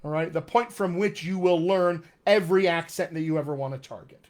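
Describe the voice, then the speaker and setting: A man's voice: on the high side, a little fast. A man coaching actors on accents in a live-streamed Q&A, talking with energy and repeating his key points for emphasis. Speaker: dialect coach.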